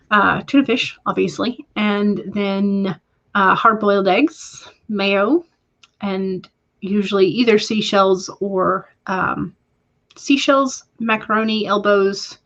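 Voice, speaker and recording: A woman's voice: mid-range voice, vocal fry, highs cut off. A woman hosting a casual writing livestream, reading viewer comments aloud and answering them, with hesitant fillers along the way. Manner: reads viewer comments aloud and responds warmly. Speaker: livestream host reading chat.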